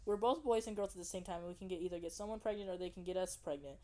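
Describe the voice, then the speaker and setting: A woman voicing an excitable, tearful young male sea sponge in a fan-story reading, high and emotional. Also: very fast, natural voice. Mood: earnest.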